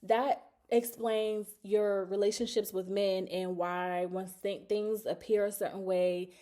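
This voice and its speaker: A vlogger in her 30s shares a personal story in a candid, emotional, confessional way, rambling with many fillers. Her mid-range voice is mellow, with little pitch movement and a measured pace.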